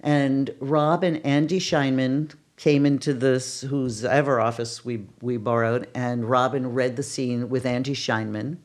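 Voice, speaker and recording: A woman's voice: extremely low pitch, a little slow, hardly any pauses. An older woman, a casting director, telling stories in a podcast interview and acting out the exclamations she quotes. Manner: animated, acts out quoted exclamations.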